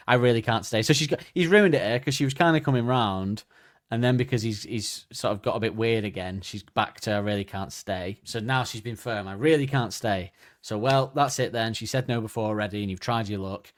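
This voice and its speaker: A man's voice: mid-range voice, brisk. A man co-hosting a comedy podcast in casual chat, who jokes, laughs often and acts out characters. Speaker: podcast co-host.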